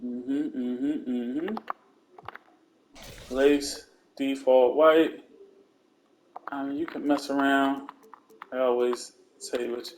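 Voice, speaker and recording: A man giving a casual, slangy voice-over, calmly walking through steps one by one. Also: medium pitch, slow pace, long pauses, slight background noise. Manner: relaxed, laid-back step-by-step instructions; slangy, conversational asides. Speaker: video game content creator.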